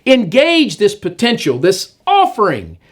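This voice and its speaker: A man's voice: sits high, wildly swooping pitch, measured pace, pitched above the performer's own voice, heavily acted. A man voicing God urging a young man to do his best, coaxing like a coach.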